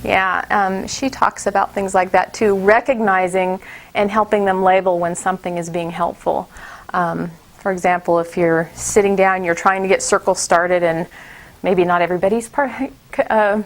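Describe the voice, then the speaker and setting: A woman's voice: medium pitch, flat delivery, moderate pace. A middle-aged woman giving a casual workshop talk to teachers, chatty, with many fillers and restarts. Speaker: teacher trainer.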